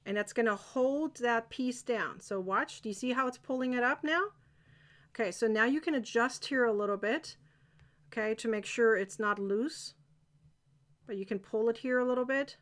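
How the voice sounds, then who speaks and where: A woman's voice: on the high side, normal speed. A woman teaching a live crochet-along, chatty and encouraging, often checking that viewers are following.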